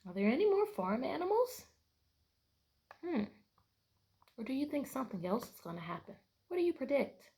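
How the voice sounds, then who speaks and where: A woman teacher reading a picture book aloud to children, often stopping to ask questions and giving the narration bright storybook emphasis. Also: high-pitched, big pitch swings, normal speed, pauses often.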